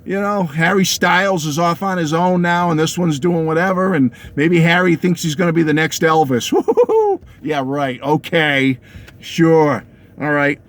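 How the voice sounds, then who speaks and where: A middle-aged New England man with a voice on the high side and a bit bright chats with his viewers about music at a normal speed, with fairly even intonation and few pauses. This music vlogger delivers a casual, opinionated monologue to camera, laughing often and checking in with his audience throughout.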